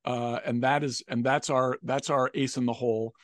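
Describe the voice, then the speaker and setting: Measured male political analyst. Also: medium pitch, fairly even intonation, no room sound, clean studio sound. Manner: measured, analytical, frequent restarts. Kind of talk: policy commentary discussion.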